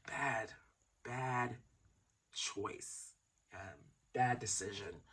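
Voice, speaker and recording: Casual vlogger with a slow, rambling delivery and a bright, tense tone that breaks into laughing outbursts. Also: mid-range voice, slightly rough. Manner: rambling, swings between mumbling and loud laughing outbursts.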